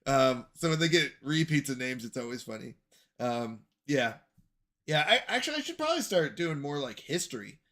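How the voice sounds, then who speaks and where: Bright, jokey young man streaming. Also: medium pitch, big pitch swings, normal speed. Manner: jokey, self-deprecating, laughs often. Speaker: livestream host reading chat. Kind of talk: casual chat.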